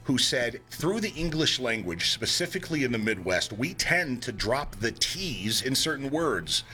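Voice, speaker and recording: A man's voice: medium pitch, very animated, moderate pace, bright, forceful tone. A young man hosting a casual morning radio show, joking and laughing at his own puns.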